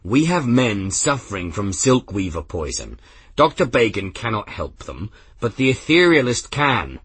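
A man's voice: low voice, fairly quick, breathy edge, no echo, voice pushed down. A male narrator voicing a stern airship captain who gives authoritative, clipped orders, in an audiobook reading.

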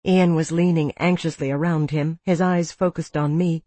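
Audiobook narrator, woman, low pitch, dry close studio sound, measured reading. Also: fairly even intonation, warm tone, no echo. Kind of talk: scripted narration.

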